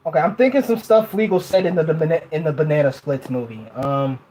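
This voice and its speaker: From her bed, a woman hosts a laid-back livestream, giggling in between and frequently pausing to restart her sentences. Her deep, warm voice comes through a rough recording with slight background noise.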